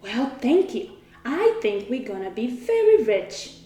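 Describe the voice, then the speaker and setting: A woman's voice: a little high, sing-song, a little slow, warm tone, roomy sound. A woman doing a weary old hunting dog. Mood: plaintive. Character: old male hunting dog, tired, eager to join.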